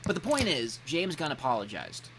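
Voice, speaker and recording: A man hosting a casual podcast chat, an animated storyteller who breaks into loud mock voices. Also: on the high side, moderate pace, background noise. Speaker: podcast host.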